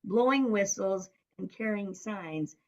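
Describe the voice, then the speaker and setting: Middle-aged woman, interview guest, animated anecdote teller, voices other people when she quotes them. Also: mid-range voice, takes it slowly, dull audio. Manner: lively storyteller who acts out quoted voices. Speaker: guest, business coach. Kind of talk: casual storytelling interview.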